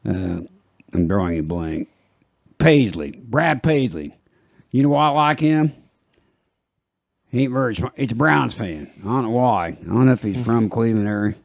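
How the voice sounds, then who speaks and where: Older host, animated pitch, dry close sound, jokes and chuckles a lot. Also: male voice, moderate pace, creaky, long pauses, no room sound. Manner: jokey, laughs often, slips into put-on voices. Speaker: podcast host. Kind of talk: casual group chat.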